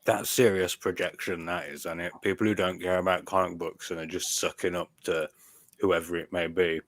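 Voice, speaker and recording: A man with a very low voice hosts a casual group stream, tossing out dry, offhand remarks. He sounds close to the mic, with almost no room echo. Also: level tone, normal speed. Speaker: stream host.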